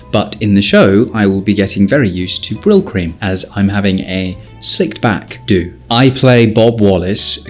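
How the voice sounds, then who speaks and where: Lower-voiced actor, friendly self-introduction. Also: male voice.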